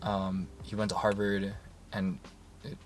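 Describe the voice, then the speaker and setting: A man's voice: on the low side, monotone, measured pace, distant mic, slight background noise. Rambling young man, a bit off-mic. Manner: rambling, many fillers and restarts. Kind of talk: casual vlog talk.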